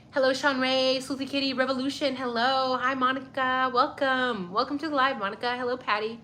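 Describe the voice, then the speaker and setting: Young woman livestreaming, kinda stuffy, bright sharp voice, chatty n swears a lot, bit of hiss in the back. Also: sits high, steady tone, brisk, few pauses. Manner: chatty, swears freely, greets viewers by name. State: a little stuffy. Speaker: livestream host. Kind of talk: casual livestream chat reading viewer comments.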